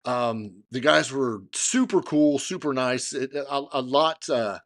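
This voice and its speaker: A middle-aged man with a voice of ordinary pitch, chatting as a podcast co-host. He tells his story in a loose, animated way, jumping into other people's lines as he goes. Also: slow. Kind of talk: casual storytelling chat.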